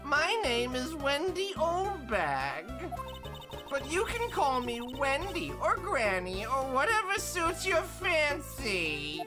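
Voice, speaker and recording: A woman's voice: sits high, huge pitch swings, slow pace, pitched above the performer's own voice, full character voice. Woman doing a whiny elderly busybody. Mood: haughty. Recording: game music underneath.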